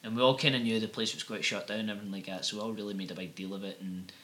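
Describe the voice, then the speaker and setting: A man's voice: on the low side, steady tone, rapid-fire, pushed and bright. A young adult man with a Scottish accent, rambling through crude, sweary anecdotes as a podcast co-host. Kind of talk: casual comedic chat.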